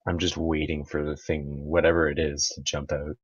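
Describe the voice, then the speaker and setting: Very deep-voiced male gamer. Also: little pitch movement, moderate pace, slightly rough, dry recording, muffled recording. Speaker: player. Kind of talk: casual game chat.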